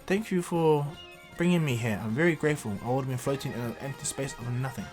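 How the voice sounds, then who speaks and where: A man's voice: medium pitch, fast, a little mellow, faint music behind, natural voice. A man voicing a childlike, innocent little male god in a fan retelling of a cartoon story, sweet and earnest. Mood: grateful.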